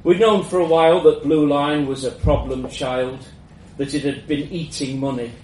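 A man reading a first-person story aloud in a measured, reflective way. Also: fairly high pitch, steady tone, darkish tone. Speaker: narrator. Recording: roomy echo, mic at a distance, faint background hum.

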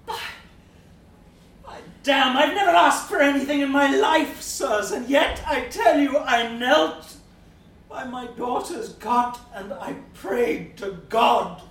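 An actor playing a drunken, boastful but remorseful middle-aged gentleman of the eighteenth century, in a theatrical monologue swinging between bluster and hushed brooding. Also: very high-pitched, full character voice. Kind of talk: dramatic monologue. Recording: roomy, distant mic.

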